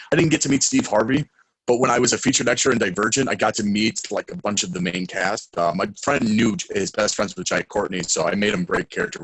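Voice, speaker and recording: A young man, a guest in a casual interview, telling stories excitedly and acting out quotes loudly. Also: fairly low pitch, slightly rough, dry recording, rough recording.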